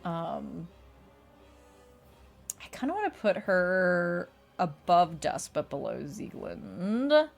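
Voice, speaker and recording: Slow-talking young woman streamer. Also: lowish voice, very animated, vocal fry. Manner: laughs often and swears casually. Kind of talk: casual chat. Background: faint music.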